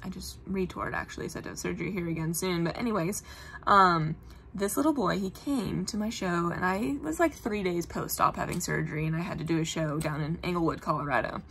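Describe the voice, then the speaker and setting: A woman's voice: lowish voice, brisk, vocal fry, a bit bright, slight background noise. A young adult woman, a puppeteer, telling stories in casual, earnest chat. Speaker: puppeteer guest. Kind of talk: casual chat on a live web show.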